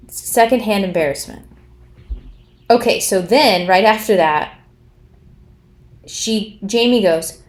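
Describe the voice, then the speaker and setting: A woman's voice: medium pitch, lively intonation, normal speed, a little mellow. A woman giving casual commentary in a sarcastic, scornful, exasperated tone. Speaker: commentary vlogger.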